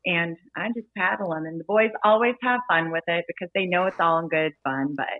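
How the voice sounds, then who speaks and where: A woman bartender telling lively, playful stories as a guest in a casual interview. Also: lowish voice, fairly quick, no room sound. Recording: dry phone-like audio.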